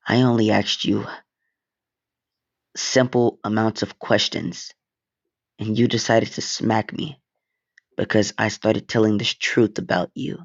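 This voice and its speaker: A man's voice: on the low side, creaky, muffled recording, heavily acted. A man voicing a vengeful teenage boy who mocks and threatens in a cold, sneering way. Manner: threatening, sneering, drawn-out menace.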